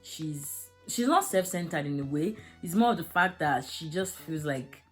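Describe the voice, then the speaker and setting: This young woman's deep, animated voice moves at a moderate pace as she reviews a drama episode over faint background music. Her casual video review is candid and emotional and packed with fillers.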